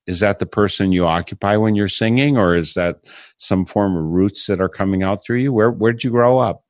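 Very deep-voiced radio interviewer, man. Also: no echo, clean studio sound. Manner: measured, thoughtful, asks probing questions. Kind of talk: broadcast interview.

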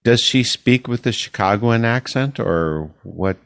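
A man's voice: medium pitch, animated, a little slow, gravelly, fairly bright tone, clean tone, no room sound. A man from Wisconsin hosting a casual radio interview with a musician, curious and chatty. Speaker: radio host.

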